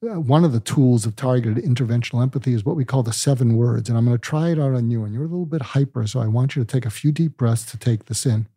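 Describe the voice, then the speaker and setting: An older male psychiatrist, calm and deliberate, explaining ideas with medical analogies in an interview. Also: mid-range voice, breathy edge, dry recording, clean studio sound. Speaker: psychiatrist guest.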